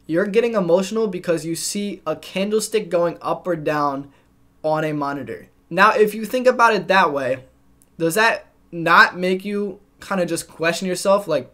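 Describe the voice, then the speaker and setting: A man's voice: high-pitched, moderate pace, bright, forceful tone. A young man directly coaching viewers on trading discipline, talking to the camera in a plain, instructive way. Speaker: trading educator. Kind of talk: scripted narration.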